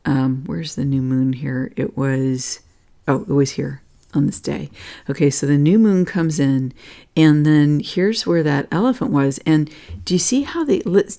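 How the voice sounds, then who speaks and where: Low mellow-voiced woman going over energy charts, rambly and earnest, keeps saying okay. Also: measured pace. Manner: rambling, full of fillers and "okay?" check-ins; earnest, gets emotional. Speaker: astrology and energy reading host. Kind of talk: casual spiritual talk over charts.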